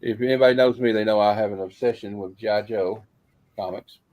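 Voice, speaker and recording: A man's voice: on the low side, steady tone, fairly quick, a little mellow, no room sound. A man in casual group chat on a stream, showing his comic haul with a rambling manner full of "uh" fillers.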